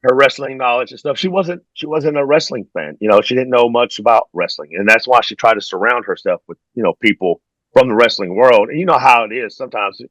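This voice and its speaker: A man's voice: mid-range voice, fairly quick, fairly bright tone, no echo, low-quality recording. Laid-back man telling stories. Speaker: podcast guest, former pro wrestler. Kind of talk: casual interview storytelling.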